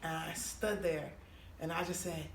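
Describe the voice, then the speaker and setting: Woman, comedian, animated storyteller, roomy distant mic, faint hiss. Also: deep voice, measured pace. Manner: animated, profane storytelling with quoted voices. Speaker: comedian guest. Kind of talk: storytelling on a podcast.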